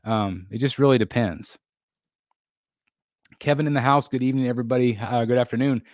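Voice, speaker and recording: A man's voice: mid-range voice, fairly even intonation, fairly quick, no room sound, studio quality. A man hosting a casual live stream, chatting loosely with viewers and reading their comments, rambling with lots of fillers and restarts. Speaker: livestream host.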